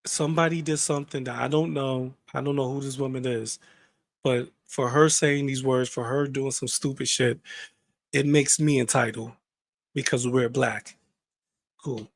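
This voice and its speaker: A man's voice: mid-range voice, fairly even intonation, moderate pace, creaky, no room sound. A man hosting a commentary channel, ranting bluntly and heatedly, swearing freely.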